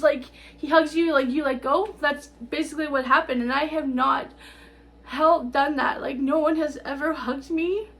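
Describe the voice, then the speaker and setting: A middle-aged woman talking straight to camera in a tearful, rambling personal update, halting and repeating herself. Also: high voice. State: tearful, on the verge of crying. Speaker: vlogger.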